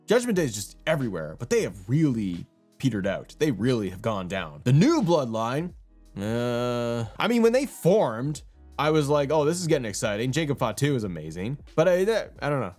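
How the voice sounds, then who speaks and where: Animated man rambling about wrestling. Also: fairly high pitch. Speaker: wrestling channel host. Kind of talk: casual commentary.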